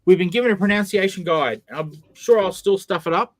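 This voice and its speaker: Chatty male host, somewhat high voice, self-mocking jokes, dry close sound. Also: brisk, no echo. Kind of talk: casual live-stream chat.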